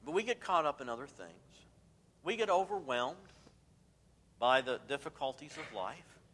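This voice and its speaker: Man preaching, bright forceful tone, emphatic, loud then hushed, long church reverb. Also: a little high, animated, moderate pace, slight background noise. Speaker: pastor. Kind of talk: sermon.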